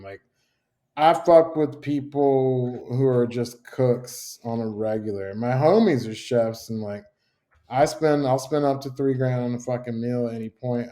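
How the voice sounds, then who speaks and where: A man's voice: mid-range voice, darkish tone. A man talking as a chef guest on a podcast, telling stories casually, swearing a lot and acting out what others said. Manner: profane, storytelling, acts out quotes. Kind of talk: casual chat.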